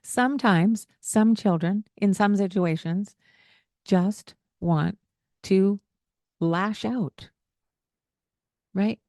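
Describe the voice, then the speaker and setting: A woman's voice: medium pitch, very slow, pauses often, darkish tone, no room sound, studio quality. A woman co-hosting a casual parenting podcast, talking in an earnest, coaching way with lots of fillers. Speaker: podcast co-host.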